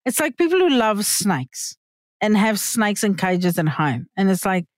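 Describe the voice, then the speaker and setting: A woman hosting a casual podcast chat, asking questions, tossing in wry jokes and quick agreement. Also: medium pitch, sing-song. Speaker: podcast host.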